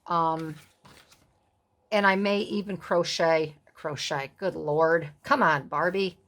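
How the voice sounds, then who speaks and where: A woman's voice: fairly low pitch, takes it slowly, fairly bright tone. A middle-aged woman hosting a casual crafting tutorial, chatting in rambling, self-amused asides as she works. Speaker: craft video host.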